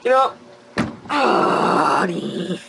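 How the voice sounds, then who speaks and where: A man's voice: sits high, very animated, extremely slow, gravelly. A man playing a multiplayer game with friends, joking and teasing them. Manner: joking, teasing, bursts of shouting. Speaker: gamer. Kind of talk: casual multiplayer game chat. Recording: noisy home gaming mic.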